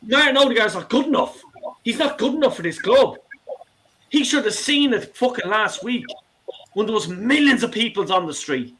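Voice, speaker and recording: A man's voice: very high-pitched, expressive, moderate pace, a bit bright. Man, middle-aged, caller, heated rant, swearing, stammering repeats, faint background hiss. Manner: impassioned, swearing, stumbling repeats.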